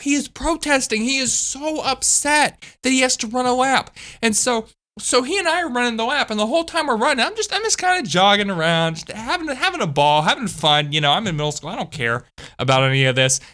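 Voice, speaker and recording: A woman telling a story from school in a chatty, animated way, with frequent asides to her viewers. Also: high-pitched, a little fast. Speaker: channel host. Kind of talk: storytime vlog.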